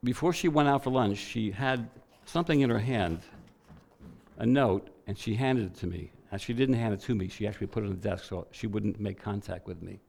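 A man preaching to a church, telling a personal story in an animated way and voicing the people in it. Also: fairly low pitch, fairly quick, creaky. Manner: animated storytelling with quoted voices.

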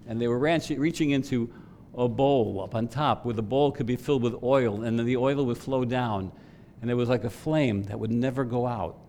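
A man preaching a sermon, swelling to loud emphatic peaks and dropping to quiet asides. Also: medium pitch, a little hiss or hum. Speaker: pastor.

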